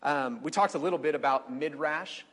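A man teaching a conversational Bible study, chatty, with fillers and quick quoted asides. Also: on the high side, fairly bright tone. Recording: long reverberant hall.

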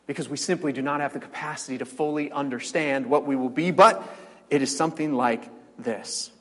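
Husky high-voiced preacher in a hall. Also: male voice, a little fast. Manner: animated, repeats words, rhetorical questions. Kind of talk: sermon. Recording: long hall reverb.

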